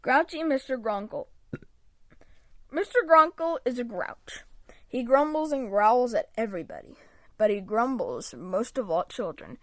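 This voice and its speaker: A woman reading a children's picture book aloud in an expressive read-aloud manner, close to a home microphone. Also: on the high side, a little slow, no echo. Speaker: storybook reader.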